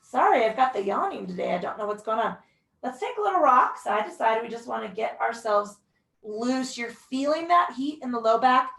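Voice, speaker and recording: A young pilates instructor with a slightly high, somewhat bright voice leads a mat workout, counting breaths and offering encouragement punctuated by the odd whoop. She's recorded from a distance in an echoey room.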